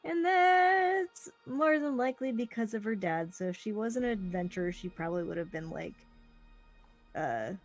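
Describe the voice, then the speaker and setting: A woman's voice: a little high, animated, normal speed, faint music behind. A woman chatting casually about her tabletop character, giggly and rambling with lots of fillers. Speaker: tabletop game player.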